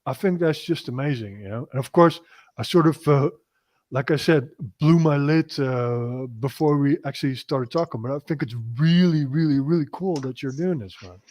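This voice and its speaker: Man, stream host, casual chat, a bit high-pitched, talks over his guest, swears. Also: normal speed, darkish tone. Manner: interrupts often, profane, enthusiastic. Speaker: podcast host.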